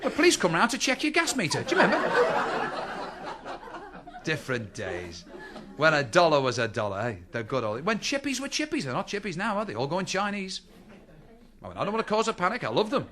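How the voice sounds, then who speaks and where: Stand-up comic, middle-aged man, high and bouncy voice, rattles along quickly. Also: wildly swooping pitch, background noise. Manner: chatty, quips to the audience with rhetorical questions. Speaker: stand-up comedian. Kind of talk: stand-up routine. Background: audience laughter.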